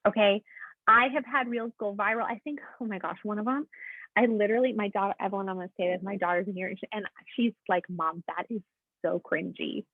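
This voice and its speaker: Husky-voiced woman coach on a phone line. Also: mid-range voice, fairly even intonation, fast talker, no room sound. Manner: chatty, keeps checking in with "okay?"; encouraging, addresses listeners as "guys". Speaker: coach leading a team call. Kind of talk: motivational coaching talk. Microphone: call audio. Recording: tinny, dry phone-line sound.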